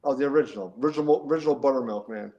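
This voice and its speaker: A middle-aged man from the New Jersey–New York area is an animated guest in a casual interview, repeating words and laughing a lot. His mid-range voice races along, and the recording sounds muffled.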